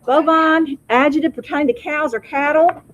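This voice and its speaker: A woman teaching a high school vocabulary lesson in a classroom, having students repeat each word. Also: steady tone, normal speed, lo-fi sound. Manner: drills pronunciation, asks class to repeat words.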